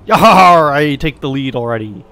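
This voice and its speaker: A man's voice: fairly high pitch, lively intonation, moderate pace. Man hamming up a pirate voice. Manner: keeps up a hammy pirate voice with yar growls. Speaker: co-host and player. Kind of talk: casual gameplay chat.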